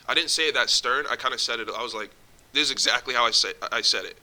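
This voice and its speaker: A man's voice: medium pitch, fast talker, bright, forceful tone, poor audio. A young man giving blunt, profanity-heavy relationship advice in casual vlog talk, full of street slang. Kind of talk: casual direct-to-camera advice.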